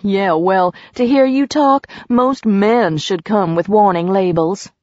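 A woman's voice: medium pitch, slow pace, a little mellow, dry recording, lo-fi sound, close to an everyday voice. A woman voicing a wisecracking fortune teller. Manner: bold and wisecracking. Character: brash, teasing young woman fortune teller.

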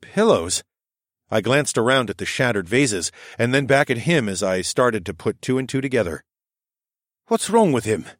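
A man's voice: mid-range voice, fairly quick, few pauses, fairly bright tone, dry recording, studio quality. A man narrating a story expressively in a scripted audiobook reading.

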